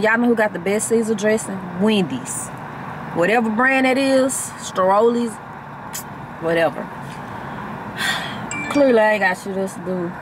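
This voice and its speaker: A woman's voice: on the low side, noisy background. A woman with a Southern country accent chatting bluntly and jokingly in a casual vlog from a parked car, eating while she talks. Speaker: vlogger.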